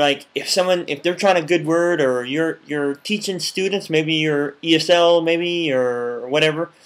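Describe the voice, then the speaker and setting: Animated man acting out chat scenes. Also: fairly high pitch. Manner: animated, acts out little dialogues with playful voices; repeats words and restarts often. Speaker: English teacher vlogger. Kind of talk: casual advice vlog.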